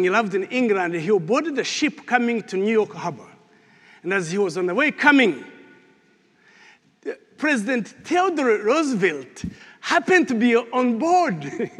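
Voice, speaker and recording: Man giving a sermon, fairly high voice, big reverby church sound, gets loud then goes real quiet. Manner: animated storytelling, rising loud then dropping to near whisper. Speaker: preacher. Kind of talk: sermon with closing prayer.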